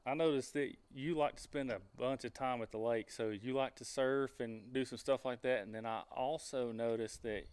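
Speaking in a clean, medium-pitched voice, a casual podcast host recounts a hunting tale with energy and keeps laughing as he tells it.

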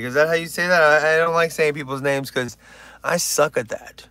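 A man's voice: fairly high pitch, steady tone, moderate pace, sharp tone, clean tone, dry recording. A man hosting a casual livestream, joking, rambling and reading chat aloud. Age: older. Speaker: livestream host.

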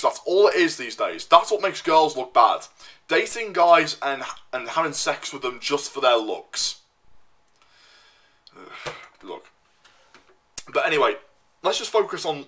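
Ranting young man, bright voice. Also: fairly high pitch. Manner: swears constantly, repeats himself, loud and worked up. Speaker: vlogger. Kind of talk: profane ranting monologue.

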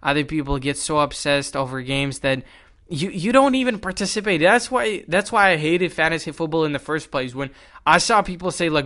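A young man hosting a solo podcast, telling stories in an animated, exasperated way. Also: on the high side, a little fast. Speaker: podcast host.

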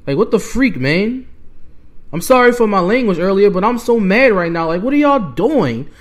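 A man's voice: high-pitched, very animated, moderate pace. A young man, hosting a podcast and ranting with heated exasperation as a sports fan. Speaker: podcast host. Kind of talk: fan rant.

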